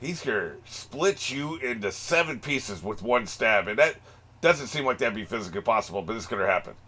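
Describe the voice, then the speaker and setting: A man's voice: medium pitch, expressive, brisk, pushed and bright. A man hosting an anime reaction video, cracking profane jokes and laughing often in casual commentary. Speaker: anime reaction channel host.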